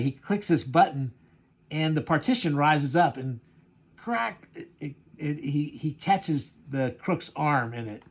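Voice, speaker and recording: Man, casual comic reviewer, halting and chuckling, mid pitch. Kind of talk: casual commentary.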